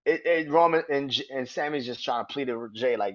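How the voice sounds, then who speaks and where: Profane, excitable man with a muffled sound. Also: medium pitch, fairly quick. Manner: excitable, profane, laughs often. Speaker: podcast host. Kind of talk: casual wrestling review.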